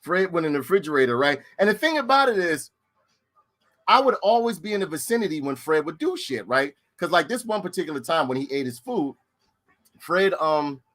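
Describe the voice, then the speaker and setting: A middle-aged man telling stories in casual chat. He is animated, swears freely and repeats his lines for effect. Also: mid-range voice. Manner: animated, profane, repeats himself. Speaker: storyteller.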